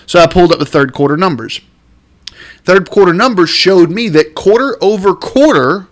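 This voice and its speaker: A man hosting a real estate podcast, ranting in an exasperated, emphatic way and drawing out the words he wants to stress. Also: sits high. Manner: lively, drawn-out stresses on key words. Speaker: realtor and podcast host. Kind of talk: podcast rant.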